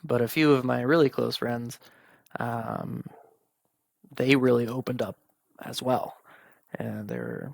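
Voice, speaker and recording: A man's voice: medium pitch, lively intonation, slow, creaky, long pauses, no echo. A young man hosting a podcast, talking candidly and informally about his own life, quoting friends and family and swearing at times. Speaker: podcast host. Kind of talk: personal monologue.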